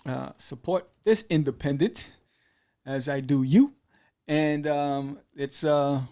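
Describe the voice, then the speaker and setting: A man's voice: a little high, slow. A man hosting a podcast, casually retelling and reviewing a comic with lots of fillers and acted-out lines. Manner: animated storyteller, acts out character lines, many fillers.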